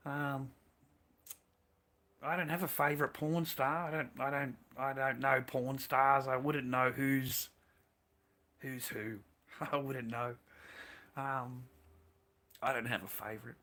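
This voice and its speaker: Male streamer, mid pitch, brassy bright tone, crude swearing banter. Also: little pitch movement, slow, pauses often. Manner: profane, blunt and laughing. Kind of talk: crude casual livestream chat.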